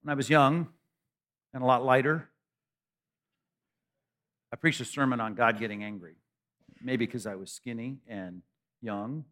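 A middle-aged man preaching a sermon conversationally, with rhetorical questions, humor and repeated phrases that build to loud peaks. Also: medium pitch. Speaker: pastor.

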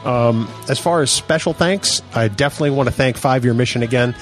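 A man co-hosting a casual podcast, relaxed and joking, filling gaps with a few hesitations. His pitch sits in the middle range, and faint music plays softly behind him. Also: fairly quick. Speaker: podcast co-host.

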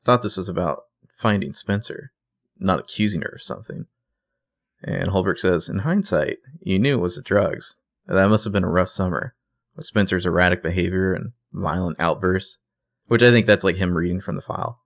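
A man's voice: deep voice, moderate pace, vocal fry, no echo. A man co-hosting a podcast, recapping a TV episode in laid-back, jokey casual chat.

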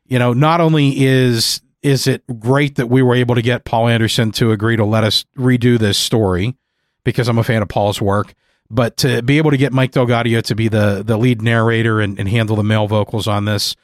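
A man's voice: mid-range voice, fairly even intonation, fairly quick, dry recording, studio quality. Earnest man rambling in casual chat. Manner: earnest, rambling, with many fillers. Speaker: podcast host. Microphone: studio mic.

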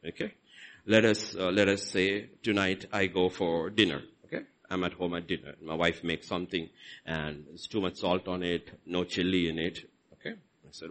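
A middle-aged man with an Indian accent preaching a sermon, swinging between loud emphasis and soft asides. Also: low voice, moderate pace, low-quality recording. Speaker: pastor.

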